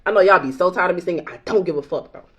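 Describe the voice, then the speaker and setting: A woman's voice: lowish voice, very fast, a bit bright. A woman tarot reader in a casual vlog, talking bluntly and emphatically, swearing freely and laughing often.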